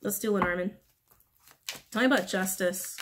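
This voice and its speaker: A woman giving a casual tarot reading in a blunt, frank manner, cursing freely when annoyed. She repeats her key phrases over and over and often stops to clear her throat. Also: mid-range voice, normal speed, background noise. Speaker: tarot reader.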